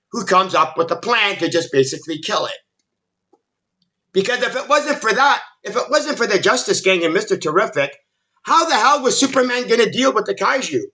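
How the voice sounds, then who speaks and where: A man with a high, bright voice rants about a movie, exasperated and emphatic. His pitch swings widely as he talks, and he keeps stumbling and restarting his sentences. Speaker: film commentary YouTuber. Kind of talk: ranting movie critique monologue.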